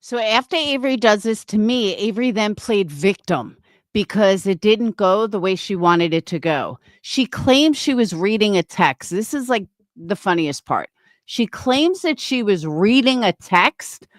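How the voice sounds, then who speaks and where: A woman's voice: medium pitch, expressive, measured pace, no echo, clean studio sound. A woman hosting a commentary channel, blunt and confrontational, cursing freely as she calls someone out. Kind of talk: angry commentary.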